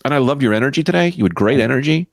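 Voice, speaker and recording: Male comic podcast co-host, very animated pitch, playful, laughs easily, dry close sound. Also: racing, no room sound. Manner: playful, lively, laughs often. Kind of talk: casual comedic chat. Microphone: video call.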